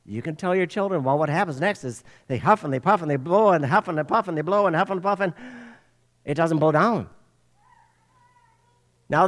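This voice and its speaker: An older man with a notably high speaking voice, preaching a sermon. He tells stories with animated rises and drops, as a preacher talking to his congregation. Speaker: pastor.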